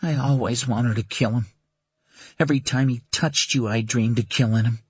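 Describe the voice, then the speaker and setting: A man's voice: medium pitch, steady tone, normal speed, breathy edge, no room sound, voice pushed up, natural voice. A man reading an audiobook, voicing a traumatized young son whose voice turns hard and cold. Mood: bitter. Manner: pleading, then hard and cold. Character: traumatized young son, boy, fierce and grieving. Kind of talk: audiobook character voice.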